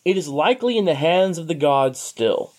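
Storybook tutor, measured and evasive, read by a man, lively pitch.

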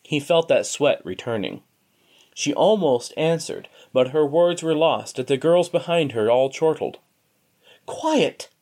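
A man reads a story aloud in a steady, expressive narration. His voice sits slightly high and moves with lively, animated pitch. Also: unhurried.

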